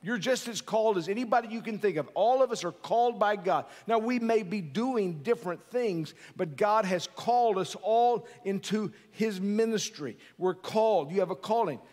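A middle-aged male pastor delivers a sermon in a loose, conversational way, joking and tossing questions to the congregation. His voice sits fairly high for a man. A long reverb tail from a large hall follows his words. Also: lively intonation, normal speed, hardly any pauses, darkish tone.

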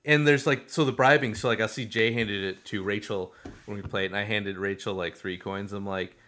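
A young man with a lowish voice co-hosts a podcast in easygoing, excited chat. He talks in quick bursts, piling up fillers and restarts as he goes. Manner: animated, fast, lots of fillers. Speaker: podcast co-host. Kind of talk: casual chat.

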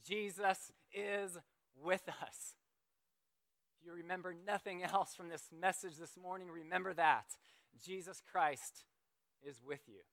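A man preaches a sermon in a bright, clear voice pitched a little high. He speaks slowly and earnestly, with long dramatic pauses and lines that drop to near a hush. The sound is dry and close. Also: steady tone, no room sound. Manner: slow, earnest preaching with dramatic pauses and falling quiet endings. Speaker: pastor.

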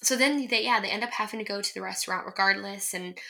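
A woman's voice: mid-range voice, quick pace, vocal fry, bright, forceful tone, low-quality recording. A young adult woman co-hosting a casual movie-recap chat, talking in a chatty way with lots of "like" fillers. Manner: chatty, lots of "like" fillers, acts out quoted lines.

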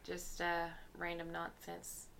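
A woman's voice: lowish voice, monotone, slow pace, vocal fry, fairly bright tone. A Southern woman co-hosting a podcast, rambling and laughing often while she has a cold. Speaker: podcast co-host. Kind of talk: casual chat.

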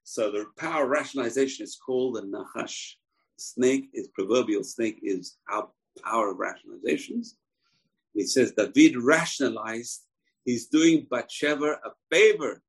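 A man's voice: medium pitch, moderate pace, husky, poor audio. A man teaching a Torah lecture emphatically, posing questions and answering them himself. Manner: emphatic, asks and answers his own questions. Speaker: religious teacher.

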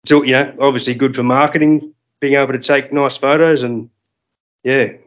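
Relaxed Australian guide on a lo-fi line. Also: male voice, medium pitch, normal speed. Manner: relaxed, hesitant, many fillers. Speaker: fishing guide, guest. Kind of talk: casual podcast interview.

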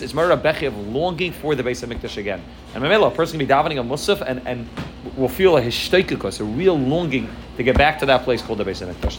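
A man's voice: mid-range voice, a little hiss or hum. A man teaching a religious class, earnest and repeating words as he searches for his phrasing. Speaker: Torah teacher.

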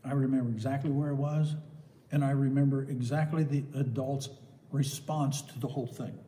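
An older man preaching a sermon, swinging from loud, emphatic exclamations to soft asides. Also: mid-range voice, steady tone, normal speed, long reverb tail, slight background noise.

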